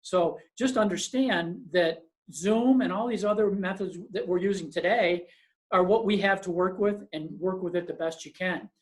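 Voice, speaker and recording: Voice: mid-range voice, normal speed. Emphatic business webinar presenter. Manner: storytelling, emphatic advice to listeners.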